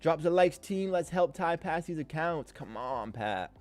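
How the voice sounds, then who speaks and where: A man hosting a live trading stream, giving casual, energetic commentary full of slang, occasional swearing and shout-outs to viewers. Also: a little high, measured pace, faint music behind. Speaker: livestream host and day trader.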